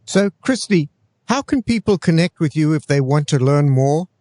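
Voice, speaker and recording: A man with a real Southern US accent, co-hosting a real estate podcast in a relaxed, easygoing chat with dry jokes. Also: on the high side, moderate pace, no room sound. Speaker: podcast co-host. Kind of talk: casual chat.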